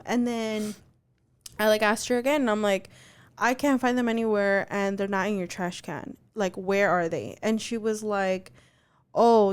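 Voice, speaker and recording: A young adult woman co-hosting a podcast, telling a story in an animated, chatty way, full of fillers and swearing. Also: mid-range voice, smooth. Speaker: podcast co-host. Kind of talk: casual chat.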